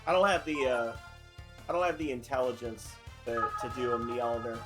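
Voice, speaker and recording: A man's voice: mid-range voice, steady tone, moderate pace, music in the background. A man giving casual, playful and self-mocking commentary while playing a video game. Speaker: let's play host.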